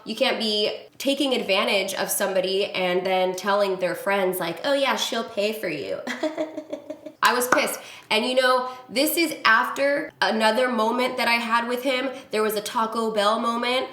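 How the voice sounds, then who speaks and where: A young adult woman vlogger telling a story to camera in a casual, animated and exasperated way. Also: medium pitch, reverberant. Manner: animated, exasperated retelling with acted quotes.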